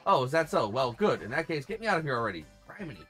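A man's voice: mid-range voice, big pitch swings, rapid-fire, fairly bright tone, faint music behind. A man reading the lines of a grumpy, bossy old female creature elder in a video game, scolding and crotchety.

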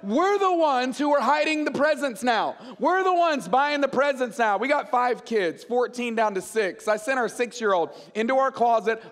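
Pastor man in his 40s, very high voice, lively joking sermon, long church-hall reverb. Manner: animated, joking storyteller.

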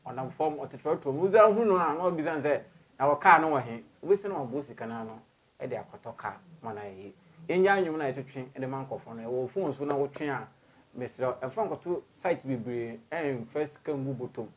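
A man with a Ghanaian accent hosting an interview, talking in an animated way and mixing in English phrases. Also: mid-range voice, moderate pace, breathy edge. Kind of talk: interview host.

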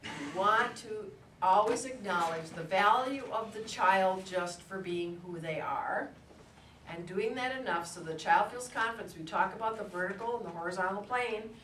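In a lecture room, a woman gives adults a conversational talk, weaving stories in as she goes. Her mid-range voice is fairly bright and moves at a normal speed. The recording picks her up from a distance in an echoey room, with faint ambience and slight background noise.

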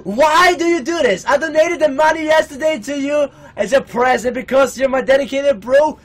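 A young man livestreaming a game, shouting and swearing, overwhelmed and emotional, his voice strained from yelling. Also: very high voice, normal speed. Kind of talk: excited live game-stream commentary. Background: loud game music.

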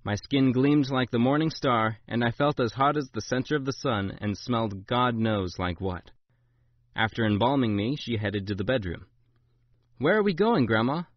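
A man narrating a memoir, voicing the quoted lines with big jumps in pitch and loudness. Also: moderate pace, dry recording. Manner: voices the quotes with big rises in pitch and volume. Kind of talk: dramatic memoir reading. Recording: dull, lo-fi dry recording.

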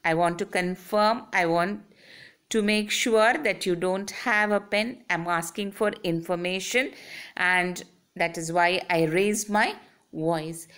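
A woman's voice: on the low side, slow, fairly bright tone, smooth. A woman lecturing on English grammar, explaining step by step and drawing out her example sentences. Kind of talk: slow, deliberate grammar lesson.

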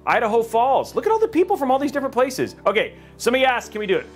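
Man from California, casual livestream host, jokey and rambling, lively sing-song delivery, faint music behind. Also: extremely high pitch, very fast. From California, USA. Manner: rambling, jokey, reads chat aloud.

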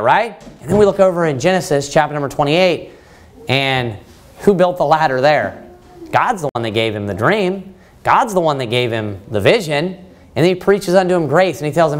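A man's voice: fairly high pitch, normal speed. A man leading a Bible study sermon, reading scripture aloud and asking his listeners questions. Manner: animated, quotes scripture, asks the room questions.

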